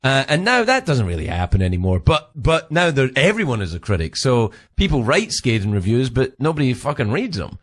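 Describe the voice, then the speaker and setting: A man's voice: mid-range voice, huge pitch swings, fairly quick, few pauses. A middle-aged Scottish man chatting casually with a fellow comic, laughing often and swearing freely. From Scotland. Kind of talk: casual chat between comedians.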